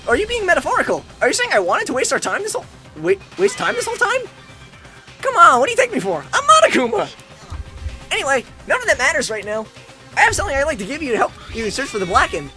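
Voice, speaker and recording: A cruel, grinning bear headmaster cackles through his rules in a high, bright, singsong voice, as a man puts him on. His pitch leaps all over as he mocks the students. Faint game music plays underneath. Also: sing-song, a little fast, pauses often, exaggerated voice. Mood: mocking. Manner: high, sing-song and mocking. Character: gleeful sadistic bear headmaster, male. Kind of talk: reading a game aloud with voices.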